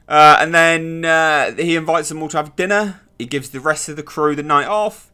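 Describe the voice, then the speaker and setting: A man giving a casual spoken review, animated and sarcastic. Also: on the high side, normal speed, few pauses, smooth, faint music behind. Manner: animated and sarcastic, mocking characters in silly voices. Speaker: video reviewer.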